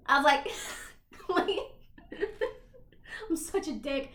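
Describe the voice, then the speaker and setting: A woman's voice: sits high, takes it slowly, pauses often, roomy sound. A young woman co-hosting a casual podcast, swearing freely and retelling scenes while snacking. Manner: swearing, animated storytelling, eating while talking. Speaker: podcast co-host. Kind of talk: casual chat.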